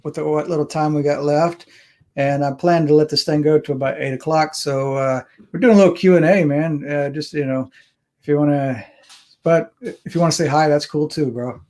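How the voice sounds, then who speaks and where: A man's voice: a little high, darkish tone. Laid-back slangy man hosting a stream. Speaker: livestream host. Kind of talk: casual livestream chat.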